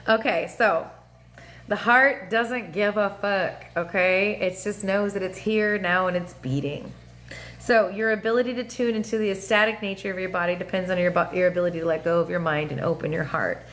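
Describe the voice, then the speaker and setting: A woman hosting a casual astrology livestream, talking in an animated, profane way with laughing asides and sing-song voices. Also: medium pitch, moderate pace. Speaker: livestream host. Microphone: phone or webcam mic.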